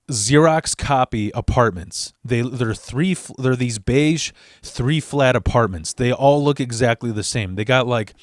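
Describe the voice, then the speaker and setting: A man's voice: mid-range voice, no echo. Brief: man, mid-range voice, loose and foul-mouthed storyteller, dry close sound. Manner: rambling and profane, with restarts and asides. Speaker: storyteller host of his channel. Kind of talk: casual storytelling.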